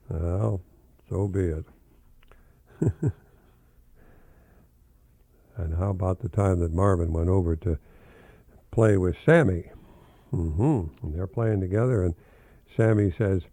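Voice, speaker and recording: Chuckling older man with a gravelly voice. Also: sits low, a little slow, long pauses, mellow, no echo. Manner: chuckling, rambling, fond storytelling. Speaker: professor and radio host. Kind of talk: informal radio commentary reading jokes aloud.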